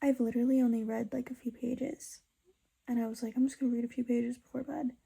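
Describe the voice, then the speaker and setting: Emotional young woman with gravelly voice. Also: a little high, level tone, fast talker, mellow. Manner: emotional, exclamatory, gushing. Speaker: book vlogger. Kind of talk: casual reading vlog reactions. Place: breakroom at work.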